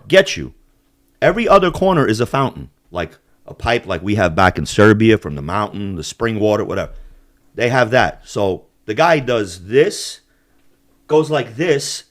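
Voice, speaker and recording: A male podcast host in crude, casual chat. His pitch swings a lot as he tells animated stories, full of swearing and frequent laughter. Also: a little slow, no room sound, clean studio sound.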